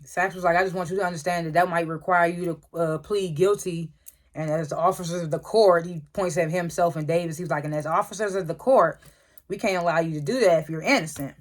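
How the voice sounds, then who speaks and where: A reviewer loosely retelling a TV episode in a casual recap, with many "like" fillers and frequent throat clearing. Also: mid-range voice, steady tone, fast. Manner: loose storytelling, lots of "like" and "was like" retellings.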